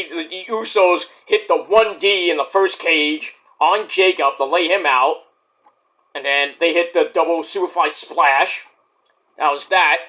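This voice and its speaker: Excitable high-voiced young man ranting. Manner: excitable and rambling, swears, jumps to shouts. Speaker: wrestling reviewer. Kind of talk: casual spoken event review.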